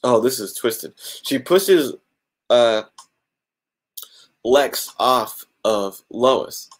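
A man with a mid-pitched voice reads a fan story aloud as a podcast host. He narrates the plot and stops now and then to crack jokes about it. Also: lively intonation, extremely slow. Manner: adds joking asides to the story.

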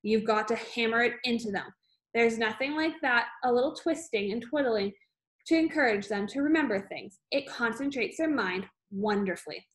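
A woman's voice: a little high, lively intonation, normal speed, lightly acted. A woman reading aloud, voicing a bullying, scornful headmistress with a harsh, barking manner. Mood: gloating.

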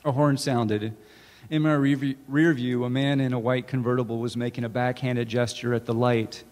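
A man, an author, reading his own fiction aloud in a measured, deliberate way at a campus event. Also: medium pitch, flat delivery, a little mellow. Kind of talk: literary reading. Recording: reverberant hall.

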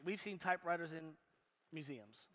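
A pastor with a high, bright, ringing voice preaches in a church. He talks to the crowd like a friend, throwing out questions and jokes. The sound carries a long hall echo. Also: moderate pace. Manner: emphatic and conversational, asks the crowd questions, jokes. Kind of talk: sermon.

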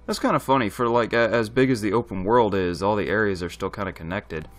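A man's voice: fairly low pitch, fast talker, soft background music. A man giving casual let's play commentary, thinking aloud and chatting to his viewers. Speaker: gaming channel host.

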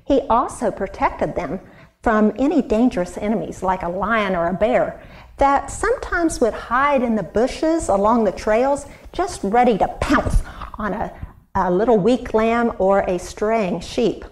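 A woman's voice: a little high, unhurried. A woman Sunday school teacher, expressively telling a Bible story to children and asking them questions. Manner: animated, expressive, asks the kids questions.

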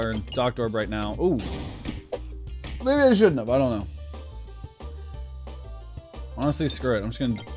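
A man's voice: on the high side, a bit bright. A man giving casual let's-play commentary, thinking aloud as he plays. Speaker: gaming channel host.

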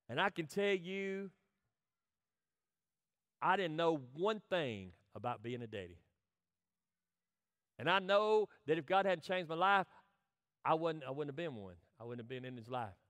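A middle-aged man preaching a sermon as pastor, swinging between impassioned lines and soft, hushed ones. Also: fairly high pitch, dry recording, clean studio sound.

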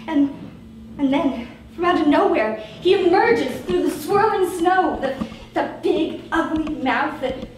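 A woman's voice: high voice, a little mellow, slight background noise. A woman playing a hysterical, terrified witness on stage. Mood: frantic. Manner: breathless, gasping and repeating herself in panic. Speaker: stage actor in a comic monologue. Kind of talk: live stage monologue. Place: small theatre stage. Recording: echoey live theatre recording from far off.

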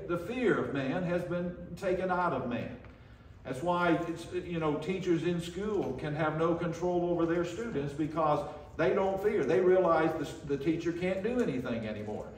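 A man's voice: on the high side, slight background noise. An older man preaching a sermon in a church, telling stories in a folksy way with frequent restarts. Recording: echoey church room, from far off.

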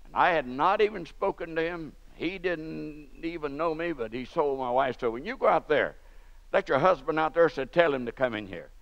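A man's voice: on the high side, lively intonation, moderate pace, gravelly, a bit bright. An older man preaching a sermon in a church, telling stories with fervent emphasis. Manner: fervent storytelling preacher, rising to emphatic peaks. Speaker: pastor. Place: church sanctuary. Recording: dull lo-fi church recording with long reverb.

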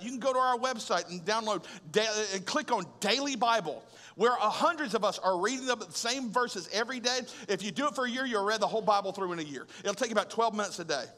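Male pastor, high bright voice, animated conversational preaching, big reverberant hall. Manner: conversational and animated, with rhetorical questions and humor. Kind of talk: sermon. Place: large church auditorium.

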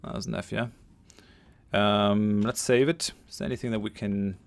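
A man's voice: lowish voice, steady tone, a little slow, creaky. A man hosting a let's play, thinking aloud as he plays and reads game text aloud. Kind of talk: gameplay commentary.

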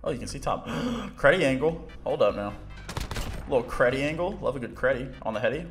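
A man casually commentating his own gameplay, excitable, laughing often and swearing, with game audio playing behind him. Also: medium pitch, fairly quick. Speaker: gaming YouTuber. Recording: game music and gunfire behind.

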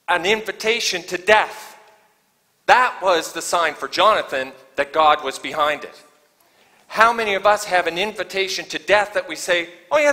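A male guest pastor preaching in a church sanctuary. His voice is bright and sits a little high for a man, and it rings out in the long reverb of the hall. He preaches conversationally, dropping to hushed asides and then building to fervent, raised passages. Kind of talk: sermon.

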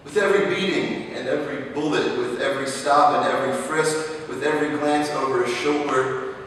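A man's voice: medium pitch, slight background noise. Impassioned young male preacher in a chapel. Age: young adult. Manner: impassioned, slow, repeating questions, swelling then hushed. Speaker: seminary student preacher. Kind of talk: dramatic sermon. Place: large chapel. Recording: echoey chapel, mic far off.

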